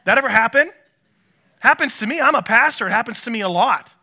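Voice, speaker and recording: A man's voice: high voice, lively intonation, fast talker, pushed and bright. A man, a pastor, preaching a conversational sermon, asking the congregation questions and poking fun at himself. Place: church.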